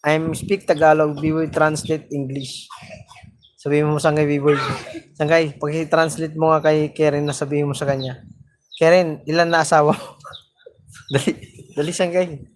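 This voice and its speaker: A man's voice: on the high side, level tone, moderate pace, pauses often, slight background noise. A man with a Filipino accent vlogging in a joking, playful way, switching between his own language and broken English. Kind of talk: casual chat to camera.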